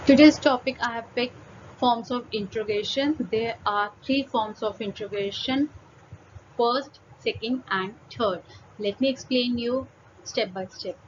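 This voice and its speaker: A woman's voice: fairly high pitch, muffled recording, slight background noise. A woman teaching a French grammar lesson, explaining step by step with frequent restarts.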